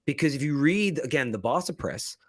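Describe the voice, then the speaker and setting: A man hosting a football podcast in an animated, casual chat. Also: medium pitch, a little fast. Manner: animated, laughing, chatty.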